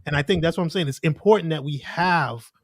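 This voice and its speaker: A man's voice: a little high, fairly quick, dry recording, studio quality. A man, a podcast guest telling stories in earnest, casual conversation. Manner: earnest storytelling with lots of "like" and quoted asides.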